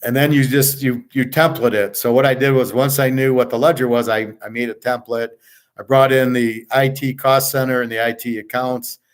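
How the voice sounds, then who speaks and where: A man's voice: mid-range voice, fairly even intonation, normal speed. A middle-aged man, a sports handicapper, hosting a blunt, boastful rant full of profanity. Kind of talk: casual monologue.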